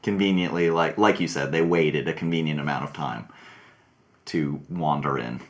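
A man's voice: very deep voice, moderate pace. A man hosting a casual movie review chat, teasing his co-hosts and steering the discussion. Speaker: podcast host.

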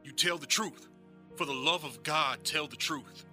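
A man's voice: on the high side, a little slow, sharp tone, faint music behind. An actor playing a stern, protective sharecropper father named George in an audio drama.

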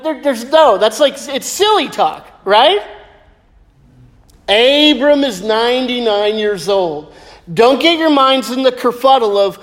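A man preaching a sermon as pastor, lively and joking as he tells stories. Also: very high voice, slow pace. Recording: echoey hall with long reverb.

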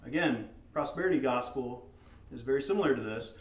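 A man preaching a sermon with emphatic delivery, sometimes acting out shouted rebukes. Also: mid-range voice, lively intonation, a little fast. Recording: echoey room, voice from far off.

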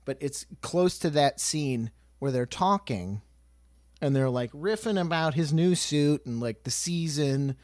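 A man chatting casually on a podcast, animated and swearing freely. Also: fairly high pitch, a little slow, no echo, clean studio sound. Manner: animated, swearing, quoting people in put-on voices.

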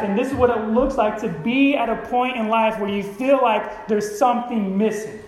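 A man's voice: high voice, normal speed, hardly any pauses, darkish tone, reverberant, poor audio. A man preaching a sermon as pastor, conversational and often checking in with the congregation. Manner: conversational, keeps asking the congregation "right?".

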